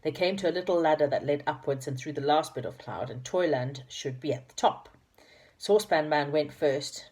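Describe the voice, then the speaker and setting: A woman with a low, mellow voice reads a children's storybook aloud. She talks to her listeners with affection between chapters. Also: moderate pace, slightly rough. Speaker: reader of children's stories.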